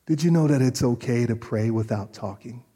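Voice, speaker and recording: Husky-voiced man preaching in a reverberant hall. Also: mid-range voice, moderate pace. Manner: animated storytelling with frequent restarts. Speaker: pastor. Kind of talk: sermon. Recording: long reverb of a large hall.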